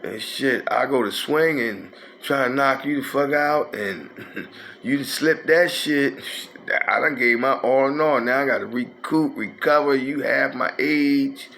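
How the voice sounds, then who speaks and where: A man's voice: medium pitch, measured pace, creaky, fairly bright tone, slight background noise. A man, telling a rambling, profane street story in a casual way. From North Philadelphia. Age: 50s.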